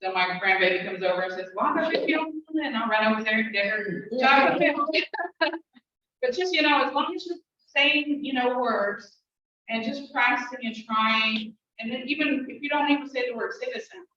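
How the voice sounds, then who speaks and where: A woman's voice: on the high side, sharp tone. Chatty woman teacher in an echoey room. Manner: chatty, laughs often, repeats words slowly to drill pronunciation. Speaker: language teacher. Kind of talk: casual class teaching. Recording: roomy, distant, dull, faint hiss.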